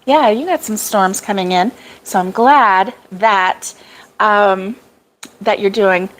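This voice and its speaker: This crochet vlog host, a middle-aged woman, speaks slowly in a mid-range voice during a relaxed live stream from a cabin in the woods. She laughs often, chats freely, and reads viewer comments aloud, all on a low-quality recording.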